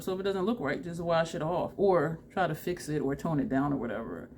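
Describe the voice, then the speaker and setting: A woman vlogger chatting excitedly and laughing often as she talks viewers through a makeup tutorial. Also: fairly low pitch, brisk, hardly any pauses, a little hiss or hum. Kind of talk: casual makeup tutorial chat.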